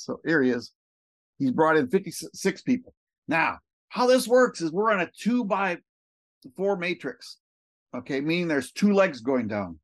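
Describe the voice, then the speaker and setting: An excited man talking fast and rambling as he walks viewers through a screen share for a recruiting pitch. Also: gravelly, no room sound. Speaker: network marketing recruiter.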